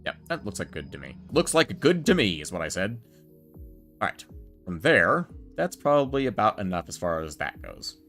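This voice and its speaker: A man with a fairly low voice that swings widely up and down as he talks. He gives relaxed, joking gameplay commentary and banters with his viewers. Light music plays faintly underneath. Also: moderate pace. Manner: chatty, joking, talks to chat. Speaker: gameplay streamer.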